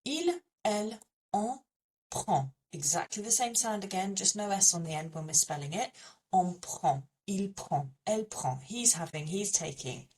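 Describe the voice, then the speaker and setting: A woman teaching French, her pitch sitting in an ordinary middle range. She explains patiently and says French words slowly and repeatedly so learners can copy them. Her voice sounds a little distant from the microphone. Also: animated, darkish tone. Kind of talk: language lesson.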